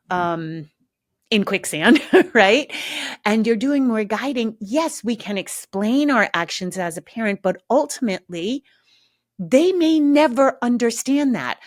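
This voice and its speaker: A middle-aged woman hosting her own podcast, talking frankly and casually, with lots of asides and slow, emphatic stretches. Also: mid-range voice, darkish tone, no echo, clean studio sound. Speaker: podcast host. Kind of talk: casual solo podcast talk.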